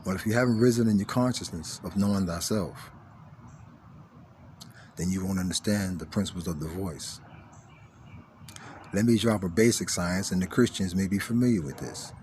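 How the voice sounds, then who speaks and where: A man with a fairly low voice delivers a spiritual teaching monologue. He repeats his key phrases, lets some lines sink to a near hush, then drives others home with force. A faint background hum sits under his voice. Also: normal speed, pauses often. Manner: emphatic, repeats key phrases, drops to hushed tones then rises forcefully.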